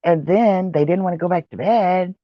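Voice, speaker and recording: Tired woman vlogger, slow chatty ramble, dry muffled sound. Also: fairly low pitch, no echo. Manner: rambling, chatty, with many fillers and yawns. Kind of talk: casual vlog chat. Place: outdoor porch with traffic nearby.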